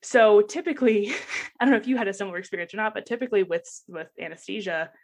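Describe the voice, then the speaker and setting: Animated young woman telling a story. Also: medium pitch, fast. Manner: animated, laughs often, acts out quoted voices. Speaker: guest sharing personal story. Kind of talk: casual conversational storytelling.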